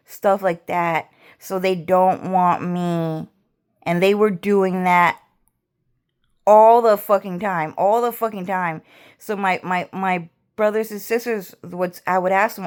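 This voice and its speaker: Slow, rambling, foul-mouthed woman vlogger. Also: lowish voice, steady tone, smooth. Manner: rambling, profane, repetitive. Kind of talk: rambling casual rant.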